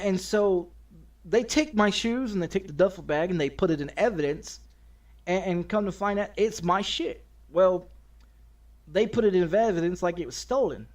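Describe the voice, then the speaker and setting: A man streaming a game while casually telling a story, swearing often and restarting his sentences. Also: high-pitched. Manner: profane and rambling, with many restarts.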